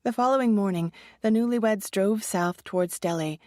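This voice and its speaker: A woman narrating an audiobook thriller with steady, even storytelling. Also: mid-range voice, moderate pace, no room sound, studio quality. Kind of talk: scripted narration.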